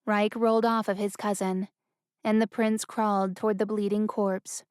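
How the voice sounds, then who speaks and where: A woman narrating a fantasy audiobook in a steady, even storytelling manner. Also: mid-range voice, normal speed, clear, resonant tone, no echo, studio quality. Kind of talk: scripted narration.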